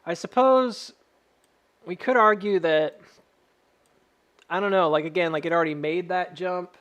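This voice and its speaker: A man's voice: sits high, steady tone, normal speed, a bit bright, highs cut off. A man doing a casual charting stream, joking and rambling as he thinks aloud. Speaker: stock chart analyst.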